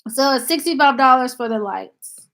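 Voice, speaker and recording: A woman's voice: high voice, moderate pace, a bit bright. A woman from Tennessee with a Southern country accent, chatting casually with viewers on a live stream and thanking them by name. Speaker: channel host on a live stream. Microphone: laptop.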